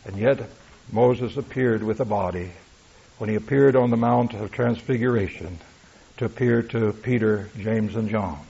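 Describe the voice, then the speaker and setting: A man preaches an emphatic sermon, teaching scripture and pausing on rhetorical checks with his listeners. His voice is gravelly and husky. The recording sounds dull and lo-fi. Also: lowish voice, mellow. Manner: emphatic, rhetorical asides like "you see?" and "all right?".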